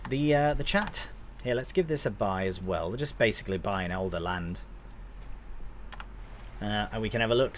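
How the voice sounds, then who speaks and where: A man's voice: mid-range voice, a little hiss or hum. A young man casually commentating his gameplay on a live stream, chatting to viewers and swearing now and then.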